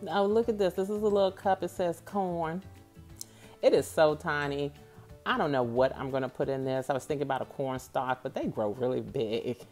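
A woman's voice: sits low, moderate pace, darkish tone, soft background music. A woman vlogger chatting casually and directly to her viewers from home, staying off camera while she shows things. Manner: chatty, talks straight to viewers.

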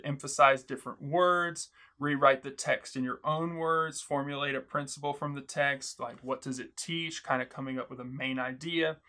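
A man's voice: mid-range voice, pushed and bright. A young man teaching in a video, summarizing a book's advice in an earnest, encouraging way and quoting its author often. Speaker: Bible study teacher. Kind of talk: video book overview, teaching.

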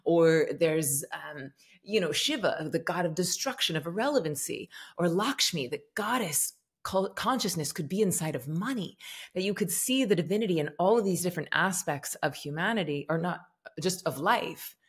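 A woman with a notably deep, low voice talks as a meditation teacher on a podcast. She muses aloud in an expressive, thoughtful way, working through ideas as she speaks. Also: moderate pace, slightly rough. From Southern United States. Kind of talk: conversational podcast interview.

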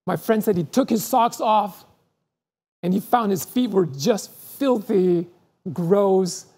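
A pastor delivers a sermon in a mellow, warm voice with a breathy, husky edge. The telling is earnest and unhurried in feeling. Words often repeat as a thought takes shape, which gives it a searching, heartfelt sound. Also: mid-range voice. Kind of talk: sermon with storytelling.

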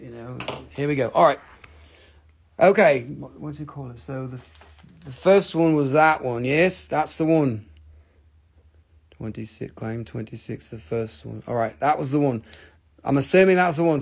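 A man's voice: mid-range voice, normal speed, creaky, breathy edge. A man hosting a casual live crystal sale, joking and rambling playfully. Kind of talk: casual live sales stream.

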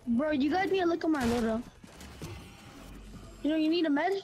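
A woman's voice: high voice, animated, a little fast, a little mellow, faint music behind. A woman teammate in a squad match, playful and boastful, joking as she plays. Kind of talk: casual gaming chat.

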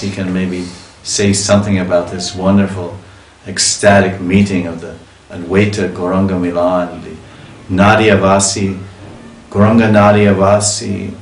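A man with a very deep voice gives a devotional scripture lecture. He recites verses and breaks into emotional, acted-out cries as he tells the story. The room is echoey, with faint ambient noise behind him. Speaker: swami giving a scripture class.

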